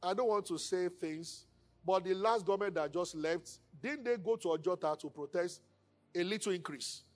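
Nigerian pastor preaching, high voice, goes quiet to act out what people say. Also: male voice, normal speed. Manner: animated preaching, acts out quoted speakers in hushed tones. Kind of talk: sermon.

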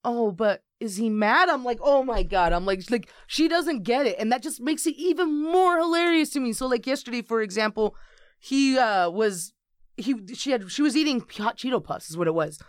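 High-voiced woman in her twenties, casual chat. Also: brisk, no echo, studio quality. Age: 20s. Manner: animated storyteller, swears freely. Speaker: podcast co-host.

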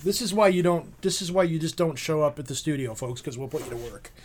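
A man co-hosting a casual comedy podcast, teasing the others in quick banter. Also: a little high, animated, darkish tone, slightly rough. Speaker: podcast co-host.

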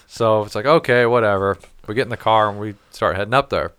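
In a casual chat, a man tells a rambling, profane story, dropping into quoted voices along the way. His mid-range voice is smooth, resonant and a bit bright, and he talks fast. The recording is dry and close, with no sense of the room.

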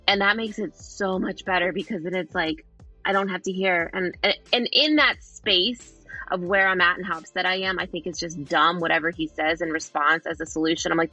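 Bright, emphatic woman co-host. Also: fairly low pitch, fairly even intonation, fairly quick, soft background music, rough recording. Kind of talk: casual chat.

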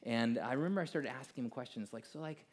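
A middle-aged American man telling a personal story to an audience in a casual, animated way, full of fillers and asides. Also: mid-range voice, quick pace. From United States.

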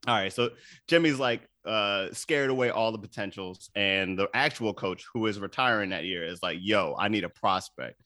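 A man's voice: on the low side, moderate pace, pushed and bright, no room sound, studio quality. A man hosting a podcast, recapping a movie in loose, profane casual chat, laughing often and acting out the characters' lines. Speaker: podcast host.

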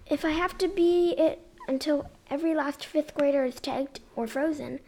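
A young woman reads a children's chapter book aloud in a high voice. Her delivery is expressive, and she drops into whispered asides now and then. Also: normal speed, few pauses. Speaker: reader.

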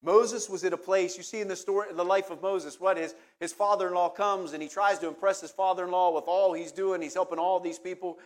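A man's voice: high-pitched, steady tone, fairly quick, hardly any pauses. A middle-aged man preaching a sermon, earnest, often repeating words as he searches for what to say next. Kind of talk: sermon with personal anecdote.

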